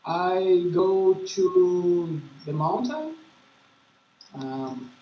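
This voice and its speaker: A high-pitched Brazilian man with a Brazilian Portuguese accent speaks very slowly in halting beginner English, pausing to search for words. He is heard over an echoey, dull lo-fi video call with faint background noise. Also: very animated. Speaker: paragliding pilot and English student. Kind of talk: casual conversation practice.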